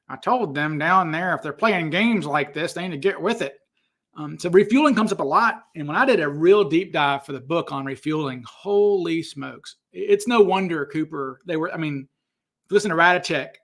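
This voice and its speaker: Guy doing a loose livestream q&a, gravelly voice sitting a bit high, rambles and trails off. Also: a bit bright. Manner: rambling, self-interrupting, apologetic asides. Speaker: host answering viewer questions. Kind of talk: casual livestream Q&A.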